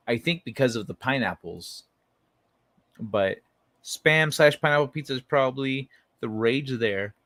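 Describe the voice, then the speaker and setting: A man's voice: medium pitch, fairly bright tone, no echo. A man hosting a late-night livestream from his bed, chatting loosely with viewers and reading their messages aloud. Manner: rambling, laid-back, talks to chat by name. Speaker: livestream host reading chat. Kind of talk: late-night casual chat. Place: at home in bed.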